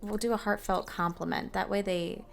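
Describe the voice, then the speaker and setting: Chatty gravelly-voiced woman narrating gameplay. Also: mid-range voice, fairly even intonation, normal speed, faint music behind. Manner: chatty, narrates each game action with frequent laughs. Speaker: gaming channel host. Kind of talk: casual gameplay commentary.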